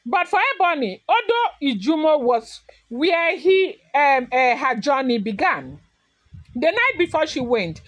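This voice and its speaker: High-voiced woman telling a story. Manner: unscripted, with many fillers and self-corrections. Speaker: celebrity gossip channel host. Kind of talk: storytelling commentary to viewers.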